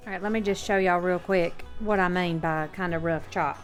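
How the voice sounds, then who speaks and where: A woman's voice: fairly low pitch, steady tone, moderate pace, over music. A woman with a Southern American accent hosting a casual cooking demonstration in her home kitchen, chatting to viewers in a homey way and checking in with them often. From Southern United States. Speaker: cooking show host.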